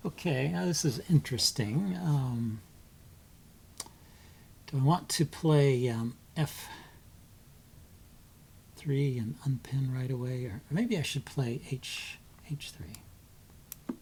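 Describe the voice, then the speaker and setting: A man's voice: medium pitch, slow, vocal fry, pauses often, a little mellow, a little hiss or hum. A man hosting his chess channel, commentating live on his own blitz game, thinking aloud with frequent ums and muttering moves under his breath.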